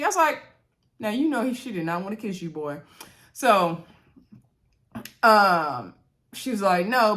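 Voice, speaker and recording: A woman casually recapping a dating show episode, chatty, jumping into a high voice for sassy asides and laughing at her own remarks. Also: a bit bright. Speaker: reality show recap host.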